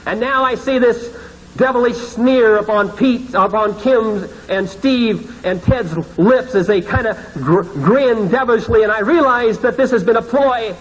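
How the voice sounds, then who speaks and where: A male pastor tells a dream story in a dramatic sermon, often sinking to hushed, ashamed tones. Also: very high voice, unhurried, low-quality recording.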